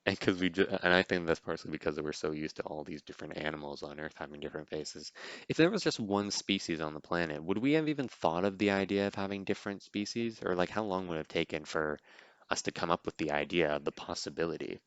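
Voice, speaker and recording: Deep-voiced man rambling through a movie. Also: quick pace, dry recording, muffled recording. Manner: rambling, full of "like" and "you know". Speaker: podcast host. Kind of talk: casual movie reaction commentary.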